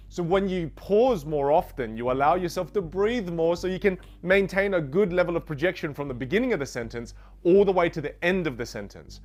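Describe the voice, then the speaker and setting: A man teaching a communication lesson, energetic and full of rhetorical questions. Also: sits high, fast talker, hardly any pauses, faint music behind. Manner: energetic, rhetorical questions, demonstrates trailing off and fillers. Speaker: communication coach. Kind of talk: instructional lesson.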